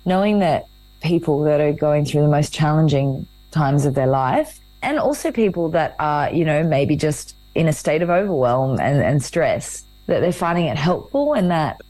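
A woman guest and author talking in a casual interview, earnest and warm, often acting out quoted dialogue. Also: low voice, animated, moderate pace, no echo, low-quality recording.

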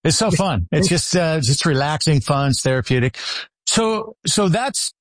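A man's voice: fairly high pitch, animated, moderate pace, no echo. A man hosting an interview with enthusiasm, introducing his guest and chatting with him. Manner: enthusiastic, upbeat. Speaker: chiropractor, interview host. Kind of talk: conversational interview. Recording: dry close sound.

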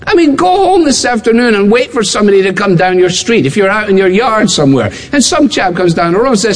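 A man's voice: sits high, sing-song, fast talker, hardly any pauses. A man preaching a sermon, building his points through repetition and acting out quoted voices. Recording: long hall reverb.

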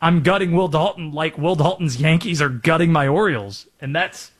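A man's voice: fairly high pitch, moderate pace, slightly rough. A young adult man hosting a sports radio show, joking and rambling through random references. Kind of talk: casual sports talk.

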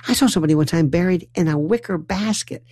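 A man from New York telling a comic family story, acting out voices with stammering restarts and lively swings. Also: high-pitched, fast, no room sound.

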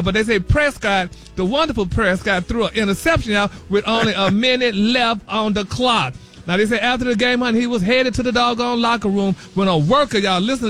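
Sassy high-voiced man gossiping. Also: a bit bright. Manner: sassy and chatty, calls everyone honey and y'all. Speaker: celebrity news correspondent on a morning radio show. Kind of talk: gossipy radio talk segment.

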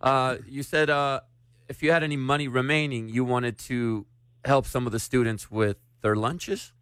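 A man's voice: mid-range voice, fairly even intonation, moderate pace, fairly bright tone, clean tone, no room sound, clean studio sound. A man hosting a radio morning show, chatting casually and joking with a caller, with plenty of fillers. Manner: friendly, joking, filler-heavy.

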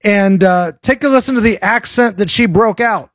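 A man hosting a commentary show, mocking fake accents in a casual, animated way. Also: high-pitched, moderate pace, no room sound. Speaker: host.

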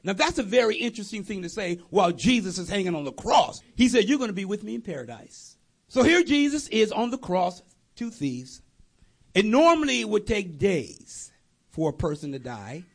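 A male preacher retelling a story in an animated, conversational sermon, full of jokey asides. His voice sits high and husky, with a gravelly edge, and it swings widely in pitch. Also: normal speed.

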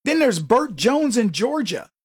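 Brash, husky-voiced male radio talk host. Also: extremely high pitch, sing-song, unhurried, no echo, studio quality. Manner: brash, mocking, laughs a lot, acts out voices. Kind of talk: conservative talk radio monologue.

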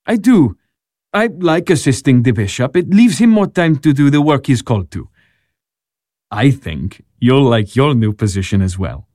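A man's voice: medium pitch, sing-song, normal speed, dark tone, dry recording, studio quality, lightly acted. An actor playing an eager, persuasive churchman in a radio drama. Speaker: canon assisting a bishop.

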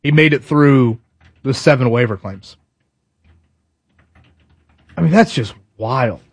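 A man's voice: medium pitch, animated, takes it slowly, husky, no room sound. Chatty man co-hosting sports talk. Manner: conversational, stop-start with fillers. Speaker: sports radio co-host.

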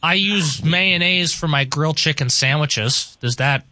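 New york guy, high bright voice, excitable sports radio co-host, dry studio sound. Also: unhurried, no echo. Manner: animated, enthusiastic.

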